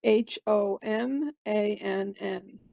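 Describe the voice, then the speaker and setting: A woman's voice: medium pitch, drawn-out words, gravelly, dark tone, dull audio. An older woman giving an emotional, urgent public comment at a hearing over a remote call.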